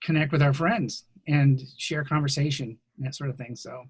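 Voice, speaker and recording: A man with a somewhat high voice hosts a podcast over a video call, hesitating with frequent ums as he thanks listeners and welcomes his guest. The sound is very dry and close. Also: fairly even intonation, normal speed, slightly rough, no echo. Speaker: podcast host. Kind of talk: casual video-call interview.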